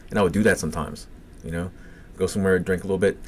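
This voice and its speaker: A man's voice: sits low, fairly even intonation, rapid-fire, a little hiss or hum. A man with a Cajun accent telling rambling, profane personal stories on a casual podcast. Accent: Cajun English. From Louisiana. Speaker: podcast co-host.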